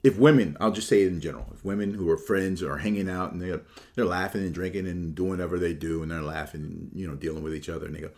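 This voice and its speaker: A man giving a casual, opinionated sports monologue, shifting between relaxed talk and animated, mocking quotes. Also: sits low, quick pace. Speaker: sports commentator.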